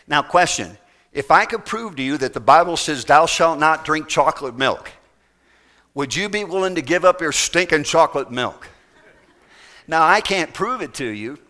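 Male preacher, slightly high, bright voice; folksy, emphatic sermon with loud-soft swings. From United States.

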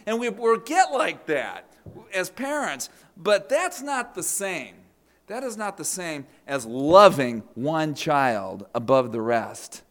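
Lively storytelling male preacher. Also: fairly high pitch. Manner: storytelling with acted quotes, repeated words. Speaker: pastor. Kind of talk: sermon.

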